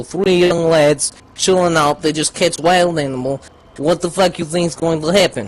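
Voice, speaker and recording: Guy doing a russian accent bit, crude foul-mouthed tall tale teller, broken english, kinda high voice, bit of hiss behind. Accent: put-on Russian. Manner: broken English, swears a lot, deadpan. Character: crude young man telling tall tale. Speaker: gaming group regular. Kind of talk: rambling comic storytelling.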